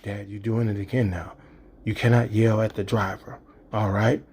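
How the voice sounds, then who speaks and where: Calm, self-assured young woman, voiced plainly by a man telling the story, matter-of-fact. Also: lowish voice, moderate pace, slightly rough. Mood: lecturing.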